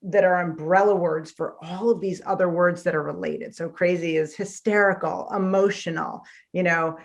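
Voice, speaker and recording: A woman's voice: on the low side, fairly even intonation, moderate pace, gravelly. A woman author, a guest in a conversational interview, telling stories with animation and acting out the voices she quotes.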